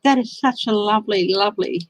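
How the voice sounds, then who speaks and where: A woman's voice: medium pitch, brisk, no echo, poor audio. A woman giving a casual live tarot reading, chatty and openly emotional as she answers viewers. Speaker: tarot reader.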